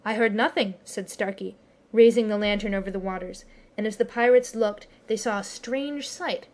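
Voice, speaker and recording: A woman narrating a classic children's story as an audiobook reader, with expressive storytelling. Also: mid-range voice, moderate pace. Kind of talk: scripted narration.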